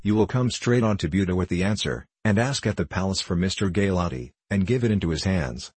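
A man playing a brisk, commanding horseman. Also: low-pitched, animated, a little mellow, slightly rough, dry recording. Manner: brisk, giving orders.

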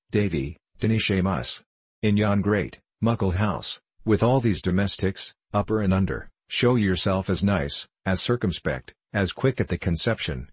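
A male narrator voices an elderly country minister from an old storybook, kindly but given to preaching. His delivery is measured and solemn, with old-fashioned phrasing. The tone sits low and slightly husky in a dry, close recording. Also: no echo.

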